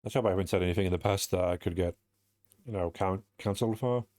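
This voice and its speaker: Young British streamer, low voice, rambling and self-mocking chat, a bit sweary. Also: male voice, fast talker, darkish tone, no echo, studio quality. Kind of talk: casual streaming chat while playing.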